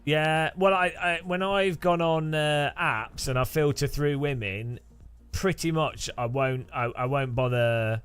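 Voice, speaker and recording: A man's voice: fairly high pitch, a little slow, a bit bright, clear, resonant tone, faint music behind. A man streaming sim racing, chatting casually and rambling with chuckles while answering his chat.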